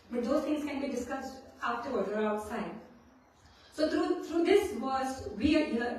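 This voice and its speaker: High-voiced woman teaching scripture in an echoey hall. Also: darkish tone. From India. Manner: storytelling, often checks in with "right?". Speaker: scripture class speaker. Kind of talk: devotional scripture class. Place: temple hall. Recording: very echoey hall, mic at a distance.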